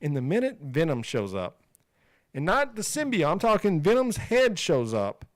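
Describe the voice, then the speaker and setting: A man's voice: fairly high pitch, wildly swooping pitch, normal speed, dry recording. A man co-hosting a casual podcast chat, talking emphatically and repeating himself as he rants. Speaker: podcast co-host.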